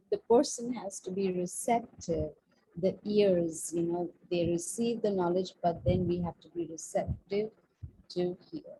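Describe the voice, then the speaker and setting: A woman's voice: medium pitch, dark tone, husky, rough recording. A woman teaching a scripture class over a video call, talking in an easy storytelling way and often saying "you see". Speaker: spiritual teacher.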